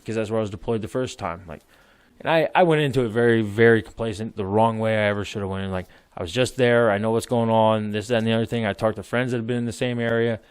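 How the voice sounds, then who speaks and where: A man's voice: medium pitch, clean tone, no room sound. Male podcast guest, 30s, rambling and profane, dry close sound. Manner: rambling, laughs while telling stories, swears freely. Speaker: podcast guest, military veteran. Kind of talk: casual storytelling.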